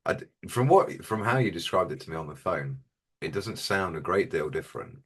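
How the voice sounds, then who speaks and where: A man, co-hosting a gaming podcast in a dry, deadpan, casual way. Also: low-pitched, fairly quick, breathy edge. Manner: dry, deadpan, mock-superior. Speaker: podcast co-host. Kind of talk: casual gaming chat with comic bits.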